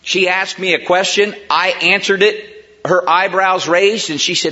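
A middle-aged male pastor preaches with a high, bright, ringing voice. He swings from hushed passages to loud, emphatic stretches and stacks up repeated rhetorical questions. The recording sounds dull and lo-fi. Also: fairly even intonation, unhurried. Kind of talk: sermon.

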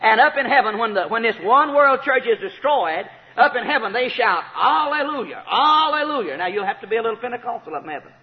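A man preaching a sermon, emphatic and repetitive, rising to shouted praise. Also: very high-pitched, fast talker, hardly any pauses. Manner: emphatic, repeats key phrases, rises to shouts of praise. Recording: tinny phone-like sound with long hall reverb.

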